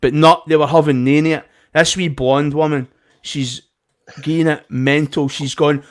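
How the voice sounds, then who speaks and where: Animated Scottish man telling a story. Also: on the high side, moderate pace. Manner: animated, swears freely, acts out both sides of an argument. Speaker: podcast co-host. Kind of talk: casual storytelling chat.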